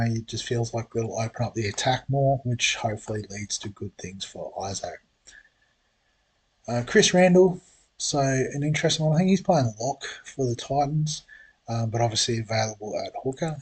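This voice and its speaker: A man's voice: mid-range voice, moderate pace, slightly rough. A man hosting his fantasy sports channel, talking casually and thinking aloud with plenty of ums and uhs, with the hiccups. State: has the hiccups. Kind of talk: casual solo preview talk.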